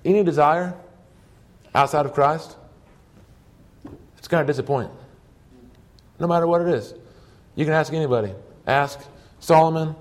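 A man's voice: on the high side, moderate pace, pauses often. A man preaching a sermon, telling stories earnestly in short emphatic phrases.

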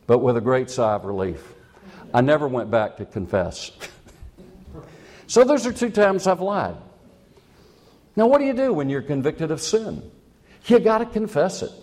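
Here a preacher's voice runs a little high with a darkish tone, slightly raised and rising and falling as he goes. Delivering a sermon, he shares a personal story with chatty self-mockery, frequently laughing at his own jokes before moving on to the lesson.

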